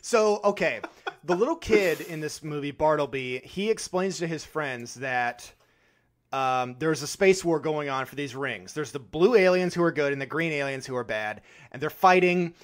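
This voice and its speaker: A man's voice: a little high, normal speed. Laughing, swearing podcast co-host man. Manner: laughs often, swears casually. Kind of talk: casual chat.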